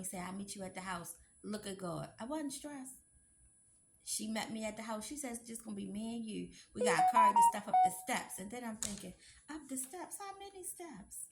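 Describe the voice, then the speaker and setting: A woman's voice: a little high, slight background noise. A woman, telling a story to her viewers in a chatty, emphatic way. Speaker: vlogger.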